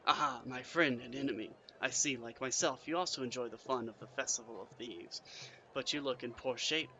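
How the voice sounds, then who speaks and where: A man's voice: mid-range voice, bright, forceful tone, slight background noise, close to an everyday voice. A man voicing a formal, menacing male assassin in a fantasy gamebook reading. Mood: measured. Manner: measured, formal.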